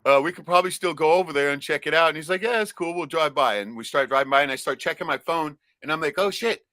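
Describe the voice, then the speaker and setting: Male podcast co-host from Alaska, bright higher voice, profane rambling tales. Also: fast talker, no echo. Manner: profane, rambling storyteller with loud acted-out shouts. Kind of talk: casual podcast chat.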